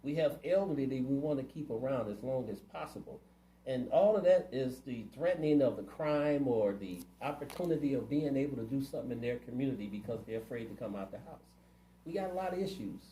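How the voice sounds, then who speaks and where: A man's voice: mid-range voice, expressive, a little fast, warm tone, roomy sound, slight background noise, rough recording. A man running for city council, answering interview questions in a plainspoken, earnest way. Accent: Ohio. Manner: earnest, plainspoken, community-minded.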